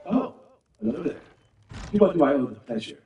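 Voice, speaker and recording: A man's voice: sits high, sing-song, fairly quick, vocal fry, warm tone, exaggerated voice. An actor playing a fussy, vain male aristocrat who gushes and rambles theatrically. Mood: gushing. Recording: roomy, distant, game music behind.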